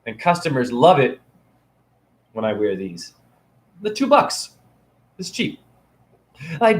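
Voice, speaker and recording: This spiritual teacher's medium-pitched voice swoops wildly in pitch, moving slowly with frequent pauses and a reverberant sound. Filmed on his phone, he gives a rambling, playful, preachy teaching monologue to camera.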